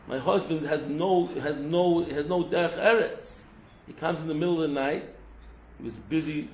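A man's voice: mid-range voice, fairly even intonation, a little fast, vocal fry, a little mellow, a little hiss or hum. A man, a yeshiva teacher, giving a humorous ethical talk to students. He repeats words and restarts often, mixing in Hebrew terms. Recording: roomy, dull lo-fi recording.

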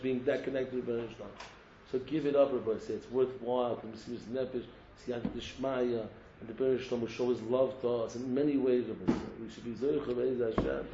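A rabbi with a mellow, mid-range voice gives an impassioned Torah talk, exhorting his listeners, mixing in Hebrew terms, and returning repeatedly to the same refrain of address. The recording is reverberant and muffled, with a little hiss or hum.

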